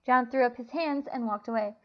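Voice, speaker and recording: Woman reading a novel aloud. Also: on the high side. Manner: plain, unhurried reading with small slips. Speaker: narrator. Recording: dull lo-fi recording.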